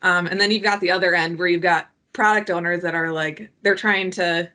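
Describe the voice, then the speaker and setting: A woman talking as a guest on a work podcast, animated and acting out what colleagues say. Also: lowish voice, brisk. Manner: animated, acts out quoted colleagues in lively voices. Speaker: project delivery guest. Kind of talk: conversational podcast talk.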